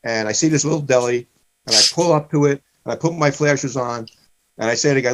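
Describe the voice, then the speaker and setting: A man's voice: medium pitch, fairly quick. A man, a comedian, casually telling a rambling story, often restarting and stopping himself. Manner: rambling, self-interrupting.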